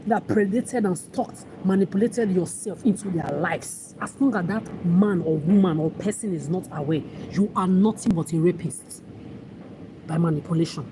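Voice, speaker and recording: A woman's voice: fairly low pitch, normal speed, background noise. A woman vlogger delivering an angry, accusatory monologue to camera in a ranting, contemptuous manner.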